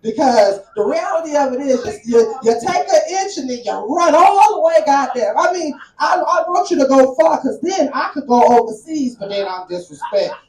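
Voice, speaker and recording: Lively man bantering with the crowd. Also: very high voice, moderate pace, hardly any pauses, reverberant, far from the mic, poor audio. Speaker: stand-up comic. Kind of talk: stand-up comedy set.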